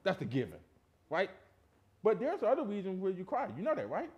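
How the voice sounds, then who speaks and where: Emphatic preaching man, lively pitch. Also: fairly quick, lo-fi sound. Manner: emphatic, rhetorical questions, swings from loud to hushed. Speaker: pastor. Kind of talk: sermon. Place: church sanctuary.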